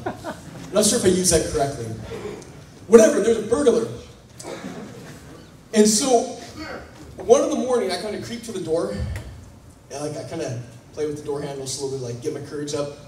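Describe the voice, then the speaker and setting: A man speaking at a conference, telling a funny personal story to a live audience in an animated, self-mocking way, acting out the scenes. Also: high-pitched, normal speed, pauses often, a little hiss or hum. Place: large conference hall. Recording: echoey hall, voice picked up from a distance.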